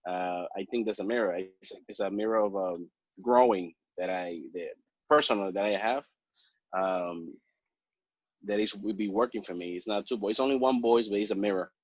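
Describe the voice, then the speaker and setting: Low-voiced earnest man. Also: no room sound, highs cut off. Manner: earnest, halting phrasing with frequent "uh". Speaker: podcast guest. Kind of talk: casual podcast conversation.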